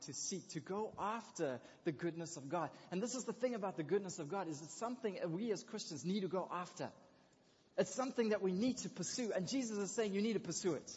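A man preaching a sermon in a lively, conversational way, with excited asides. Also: high voice, husky. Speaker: pastor. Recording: dull lo-fi recording in a reverberant hall.

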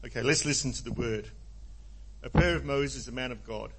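A man in his seventies reading scripture aloud, halting and apologetic. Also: medium pitch, background noise. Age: 70s. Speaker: scripture reader.

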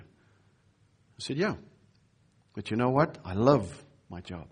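Husky-voiced man preaching a sermon. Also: mid-range voice, normal speed, long pauses. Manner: storytelling, acts out quoted voices. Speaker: pastor. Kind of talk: sermon with personal story.

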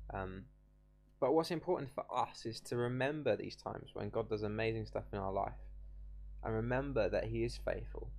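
A young man giving an informal devotional talk, casual and halting with many restarts. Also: mid-range voice, vocal fry. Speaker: preacher.

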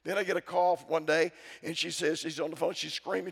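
A man's voice: on the high side, fairly even intonation, fast, gravelly, slightly rough. A middle-aged man preaching a sermon, calling out to his congregation for responses. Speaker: pastor. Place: church sanctuary. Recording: church sound with long reverb.

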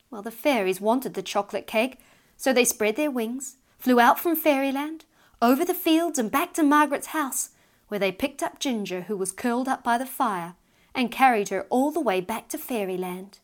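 A woman reads a fairy tale aloud in a gentle, expressive storytelling voice. Her pitch sits slightly high, and she takes an easy, unhurried pace as she reads. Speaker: author and narrator. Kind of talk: storybook reading.

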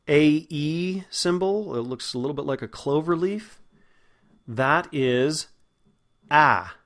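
A man, hosting an acting podcast and patiently teaching vowel sounds. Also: fairly high pitch. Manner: patient, instructive, demonstrates sounds slowly. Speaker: acting and dialect coach, podcast host. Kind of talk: spoken lesson on vowel sounds.

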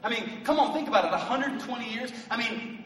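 A male pastor preaching a sermon in a church, swelling into loud emphatic bursts and joking asides. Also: extremely high pitch, expressive, quick pace. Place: church sanctuary. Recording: echoey hall from a distant mic.

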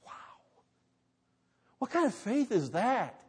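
A man's voice: very high voice, very animated, slow pace, darkish tone, husky. A man pastor preaching a sermon, telling the story dramatically with emphatic rhetorical questions. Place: church sanctuary. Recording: reverberant church hall.

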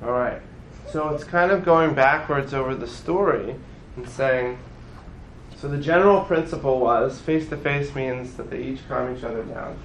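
A man teaching a class as a rabbi, in casual classroom style, animated and often checking in with his listeners. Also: mid-range voice, normal speed, reverberant, a little hiss or hum, rough recording. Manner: animated, acts out voices of the story, frequent "right?".

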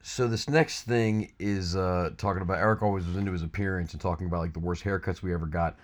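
Deep-voiced man introducing clips. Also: fairly even intonation. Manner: halting, with fillers. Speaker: show host introducing clips. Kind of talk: reflective clip introduction.

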